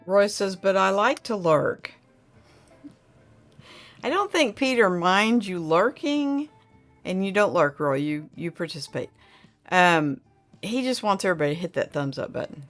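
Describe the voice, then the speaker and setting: A woman's voice: medium pitch, animated, measured pace, pauses often, a bit bright, soft background music. A middle-aged woman, hosting a casual livestream chat and reading viewer comments aloud in a rambling, friendly way. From Oklahoma.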